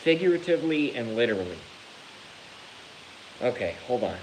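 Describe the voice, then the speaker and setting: A man vlogging to his channel in a casual rant, animated and theatrical, swearing freely. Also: medium pitch, unhurried, a little hiss or hum, low-quality recording. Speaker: YouTube vlogger.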